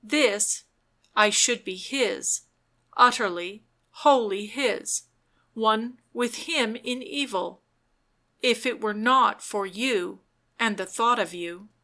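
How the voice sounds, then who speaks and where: A woman's voice: a little high, takes it slowly, sharp tone, heavily acted. A woman voicing a tormented, repentant young man in a storybook, speaking in a fervent, imploring way.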